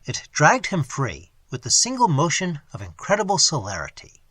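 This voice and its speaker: A man reading a fantasy story aloud with an expressive, theatrical delivery. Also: on the high side, moderate pace, husky, no room sound.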